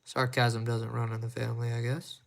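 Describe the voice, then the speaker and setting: Livestreamer fixing watches, a man with crude self-mocking humor and a gravelly edge. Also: mid-range voice, completely flat delivery, normal speed. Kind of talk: casual live-stream chat while working.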